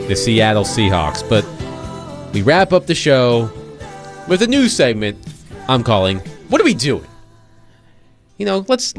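A man hosting a sports radio show, giving a brisk, upbeat rundown of the show. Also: mid-range voice. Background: music bed.

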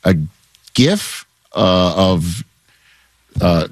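A man's voice: low-pitched, animated, drawn-out words, dry recording. A man hosting a sports talk show, chatting casually, laughing easily and feeding questions to his guest. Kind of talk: casual chat.

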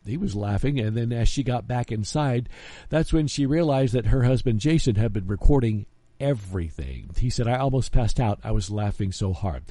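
A man hosting a radio show, telling a news story in a lively, animated way with frequent "uh"s. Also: medium pitch, no room sound. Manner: lively, animated delivery with filler "uh"s. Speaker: radio host.

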